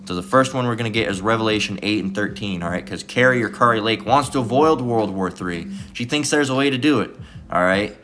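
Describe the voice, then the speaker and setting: A man's voice: fairly low pitch, a little fast, a bit bright. A man giving a rambling, casual scripture commentary as a self-styled bible teacher, cursing freely and tagging his sentences with "all right?". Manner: profane, digressive, constant "all right?" tags.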